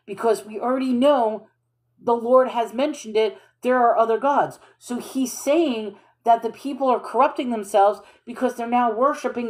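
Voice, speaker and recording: A woman reading scripture aloud and discussing it in a questioning, informal, think-aloud way. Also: on the high side. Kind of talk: casual bible reading and commentary.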